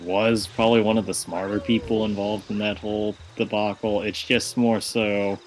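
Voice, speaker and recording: A man's voice: lowish voice, little pitch movement, moderate pace. A man chatting casually on a livestream, with a laid-back, dry, joking manner. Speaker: co-host on stream.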